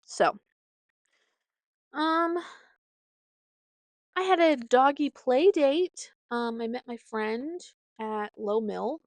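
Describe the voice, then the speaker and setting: A woman's voice: sits high, drawn-out words, pauses often, no room sound. A woman in her thirties hosting a podcast, rambling and chatting casually from home. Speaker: podcast host. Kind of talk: casual solo chat.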